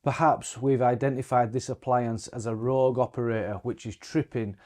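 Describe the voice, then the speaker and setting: A man's voice: mid-range voice, steady tone, normal speed, darkish tone. A man presenting a scripted technical demonstration with dry, wry humour. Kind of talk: scripted how-to narration.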